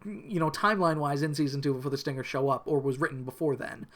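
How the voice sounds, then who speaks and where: A man's voice: on the high side, quick pace, fairly bright tone. A man co-hosting a podcast, recapping an episode in casual, rambling talk, swearing and restarting often. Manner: rambling, profane, many restarts. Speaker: podcast co-host.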